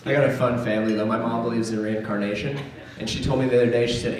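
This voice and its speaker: A young man doing a stand-up comedy set on a club stage, sardonic and animated, jumping into voices. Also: medium pitch, racing, recorded from a distance. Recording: echoey club with crowd laughter. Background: crowd laughter.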